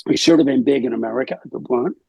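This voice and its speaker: An older man, a rock singer being interviewed, telling rambling anecdotes in a gravelly, husky voice. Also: medium pitch, very fast, darkish tone, no echo, lo-fi sound. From Australia. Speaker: lead singer, interview guest. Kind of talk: casual storytelling interview.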